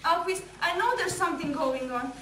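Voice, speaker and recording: Woman as an anxious, questioning lady of the house, high-voiced, roomy distant stage sound. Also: expressive, brisk, bright, forceful tone, full character voice. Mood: probing. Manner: pleading, then bitter and questioning. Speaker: student actor in a stage play. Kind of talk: amateur stage drama. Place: stage or classroom. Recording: echoey room, far from mic, clear noise.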